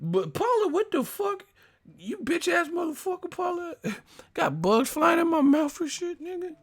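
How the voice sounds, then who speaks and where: A man voicing a TV news reporter who drops his polished delivery and starts yelling and swearing. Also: high voice, expressive, measured pace, pitched above the performer's own voice. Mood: outraged. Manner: shouting and swearing after a formal news-anchor opening.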